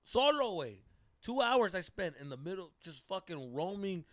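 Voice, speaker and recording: Animated man mixing slang into English. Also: high voice, moderate pace, no echo, studio quality. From Mexico. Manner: animated, swears often, mixes Spanish slang into English. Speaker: podcast co-host. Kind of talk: casual storytelling chat.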